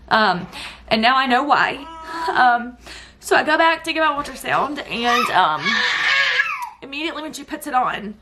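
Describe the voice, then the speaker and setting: A woman's voice: mid-range voice, fairly bright tone, a little hiss or hum. A woman, telling a personal story to her viewers, often tearful and breaking up as she speaks. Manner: tearful, voice breaking while recounting. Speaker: vlogger.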